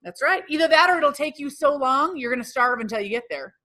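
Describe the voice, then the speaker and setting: Upbeat woman workshop coach, bright voice, draws answers from the room and echoes them back. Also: high-pitched, fairly quick. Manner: energetic, quizzes the room and repeats answers back. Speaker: real estate sales trainer. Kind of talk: live workshop lesson with audience questions. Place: training room with live audience.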